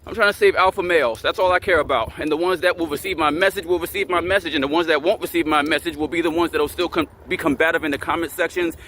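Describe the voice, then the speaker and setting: A man's voice: a little high, fast, hardly any pauses, sharp tone, slight background noise. A man hosting his own channel, ranting angrily at the camera, swearing and repeating himself. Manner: angry, repetitive and profane. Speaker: channel host.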